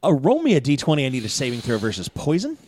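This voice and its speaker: A man narrates a tabletop game as its game master. His pitch rises and falls a lot, and his delivery is loose and full of fillers. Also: fast talker. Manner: animated, loose storytelling with fillers.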